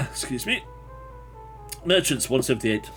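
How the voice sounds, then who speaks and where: A man runs a gamebook session live, reading choices aloud and chatting with his audience. His pitch swings freely, and he laughs often. He thinks aloud in a loose, friendly way. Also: wildly swooping pitch, slow, a bit bright, soft background music. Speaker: game master and livestream host.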